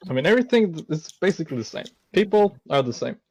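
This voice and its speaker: A man's voice: on the high side, big pitch swings, quick pace, gravelly, darkish tone, slightly rough, dry recording. A man playing a tabletop game, laid-back and teasing, swearing casually. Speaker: player. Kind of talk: casual tabletop role-play.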